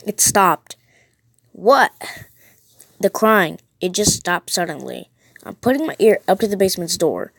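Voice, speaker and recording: A woman's voice: lowish voice, sing-song, measured pace, creaky, pauses often, fairly bright tone, breathy edge, dry recording, voice pushed down, full character voice. A woman reading a text-message horror story aloud, voicing a frightened teenage girl who sounds panicky and asks question after question. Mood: scared.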